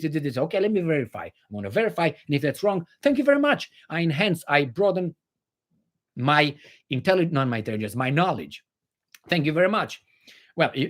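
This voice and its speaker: A man from Romania with a Romanian accent, hosting a livestream and reacting to viewer chat in a blunt, sarcastic way with some swearing. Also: fairly high pitch. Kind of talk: casual livestream commentary.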